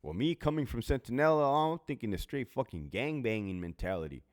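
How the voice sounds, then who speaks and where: Profane, lively ex-prison-officer man. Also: mid-range voice, brisk. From California. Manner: profane, blunt, laughs at himself. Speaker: former prison officer answering viewer questions. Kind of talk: casual Q&A chat.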